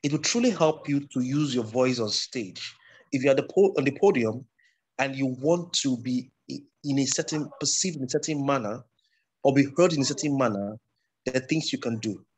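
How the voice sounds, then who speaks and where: A man's voice: medium pitch, moderate pace. A man teaching public speaking in an online class, explaining step by step and repeating himself with frequent restarts.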